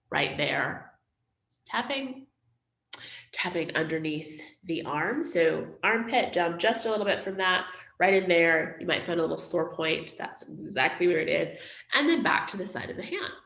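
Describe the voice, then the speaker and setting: A woman instructor calmly guiding a tapping exercise, reading example statements slowly and gently. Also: medium pitch, roomy sound. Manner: calm, gentle, with slow spoken example statements. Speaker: mindfulness instructor.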